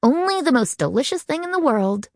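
Enthusiastic tomboy teen girl, read by a woman, emphatic, higher and louder bursts, dry studio audiobook. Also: big pitch swings, brisk, dry recording. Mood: excited. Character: bold food-loving teen tomboy girl.

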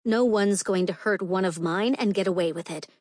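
A woman's voice: mid-range voice, normal speed, a little mellow, no room sound, natural voice. A woman reading the part of a commanding, protective vampire queen who speaks to her sister firmly and fiercely, recorded dry and close. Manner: firm and fierce.

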